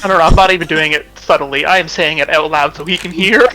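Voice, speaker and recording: A man's voice: on the high side, steady tone, fast talker, pushed and bright, rough recording. A man playing in a tabletop game, sheepish and unsure of the details. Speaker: player. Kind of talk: casual tabletop banter.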